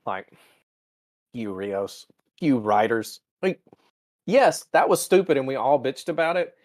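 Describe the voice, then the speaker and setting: A man's voice: medium pitch, very animated, unhurried, a little mellow. A man co-hosting a podcast, chatting casually and profanely, often slipping into mocking voices. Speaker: podcast co-host. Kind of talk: casual chat.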